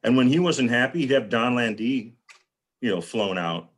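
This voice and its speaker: A man's voice: medium pitch, lively intonation, moderate pace. A man on a live video panel telling a rambling, casual anecdote and acting out what people said. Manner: rambling storyteller, acts out quotes. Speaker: panel guest. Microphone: video call.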